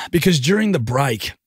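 A man's voice: a little high, sing-song, unhurried, a bit bright, husky, no echo, clean studio sound. An Australian man co-hosting a radio show, bantering casually, teasing and often laughing. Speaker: radio co-host.

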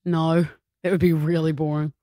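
A woman's voice: deep voice, flat delivery, normal speed, warm tone, no echo. A woman with a New Zealand accent co-hosting drive-time radio, dry and mock-exasperated. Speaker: radio co-host.

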